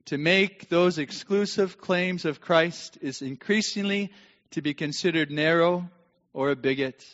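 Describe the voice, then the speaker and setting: A middle-aged man preaching a sermon and telling a personal story, dramatic and swinging from hushed tones to shouting. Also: a little high. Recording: long hall reverb, dull lo-fi sound.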